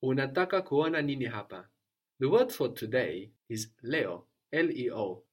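A man's voice: medium pitch, animated, moderate pace, husky. A man guiding a language lesson, prompting a learner and repeating her answers in a patient, encouraging way. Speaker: language teacher.

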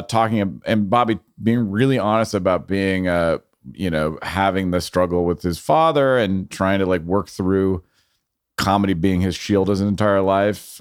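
Low-voiced reflective man. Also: no echo, clean studio sound. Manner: reflective, rambling with fillers and restarts. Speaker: guest filmmaker. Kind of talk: casual conversation.

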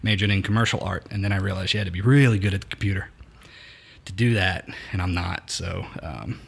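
A laid-back man from with a lowish voice. He chats casually as a podcast guest, self-deprecating and full of fillers. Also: brisk, gravelly, slightly rough. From Louisiana, USA. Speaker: actor guest. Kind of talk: casual interview chat.

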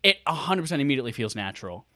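A man co-hosting a casual gaming podcast, excitable, swearing freely and acting out his own reactions. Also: mid-range voice, very fast, no echo, clean studio sound. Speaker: podcast co-host.

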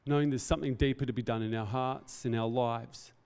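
A man's voice: medium pitch, fairly even intonation, a little fast, creaky, darkish tone, clean tone, big-room sound. A man preaching a Christmas sermon in an earnest, reflective way, often stepping off his notes. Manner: earnest, reflective, speaks off the cuff. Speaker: pastor.

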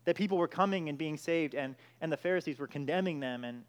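A man's voice: on the high side, quick pace, clean tone. A man preaching a sermon, emphatic, with frequent restarts and repeated "all right".

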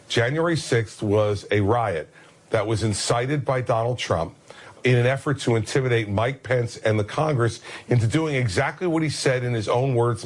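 A former governor speaking bluntly and forcefully in a TV interview. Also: male voice, medium pitch.

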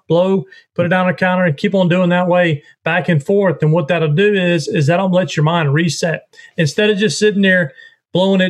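Pria menjelaskan teknik memanggil bebek. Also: male voice, fairly high pitch. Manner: explains step by step, repetitive phrasing. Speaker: duck calling guest. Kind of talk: casual instructional chat.

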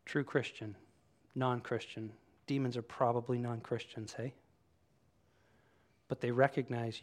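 A man preaching a sermon to his congregation, animated and conversational, acting out quoted voices as he tells the story. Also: medium pitch, measured pace, pauses often. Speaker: pastor. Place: church room with congregation.

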